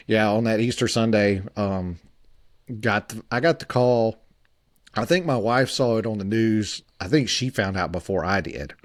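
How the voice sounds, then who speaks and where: A man in his forties, a podcast co-host, telling a story in a halting way with many fillers and restarts. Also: on the low side, no echo.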